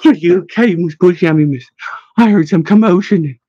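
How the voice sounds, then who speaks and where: A man playing a bumbling, good-natured lad, eager and a touch raised in pitch, husky and dry. The recording has a slightly muffled quality. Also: moderate pace, mellow, dry recording. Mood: earnest. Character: clumsy, kindly young man. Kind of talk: audiobook narration.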